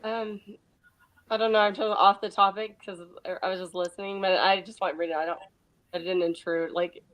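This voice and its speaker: A woman's voice: mid-range voice, fairly even intonation, brisk, fairly bright tone, low-quality recording. A woman calling in as a guest on a livestream talk show, talking hesitantly with lots of "like" and restarts. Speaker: call-in guest. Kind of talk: casual chat.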